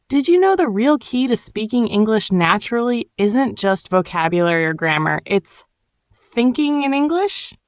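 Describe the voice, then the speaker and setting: A woman giving a scripted, encouraging English lesson in a calm, clearly enunciated way. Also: fairly high pitch, moderate pace, no room sound, studio quality. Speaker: English teacher. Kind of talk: scripted motivational narration.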